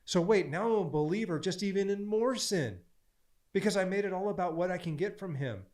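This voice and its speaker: A man speaking as a podcast guest in an animated, preachy way, stacking repeated phrases as he coaches. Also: high-pitched, brisk.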